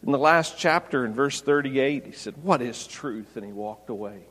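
A man's voice: medium pitch, moderate pace. Man preaching in a reverberant hall. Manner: builds to loud emphatic peaks. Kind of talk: expository sermon.

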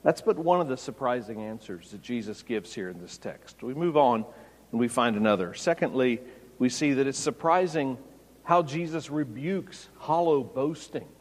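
A man preaching an expository sermon, rising to loud, emphatic peaks. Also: mid-range voice, animated, moderate pace. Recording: long hall reverb.

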